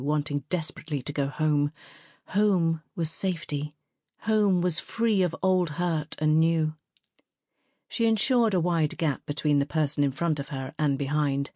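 A woman narrates an audiobook, telling the story in a measured, even way. Her voice sits low, and the recording is clean studio sound with no room sound.

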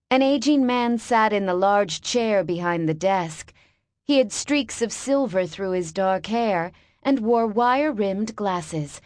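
A woman's voice: mid-range voice, animated, takes it slowly, a little mellow, dry recording. A woman narrating a first-person novel with wry, sarcastic asides, on a close mic. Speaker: audiobook narrator.

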